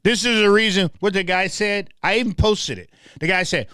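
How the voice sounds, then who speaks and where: A man's voice: sits high, normal speed, few pauses, bright, forceful tone, clean tone, dry recording, clean studio sound. A middle-aged man from Memphis with a Southern accent, hosting a passionate commentary show and talking straight to his audience. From Memphis, Tennessee. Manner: passionate, repeats words, speaks to the audience directly. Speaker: host. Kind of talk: livestream commentary.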